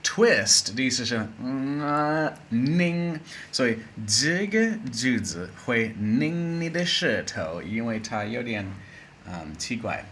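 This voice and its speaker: A man's voice: mid-range voice, big pitch swings, takes it slowly, fairly bright tone, a little hiss or hum. A man teaching an English lesson in a casual, playful, chatty way, with spoken asides.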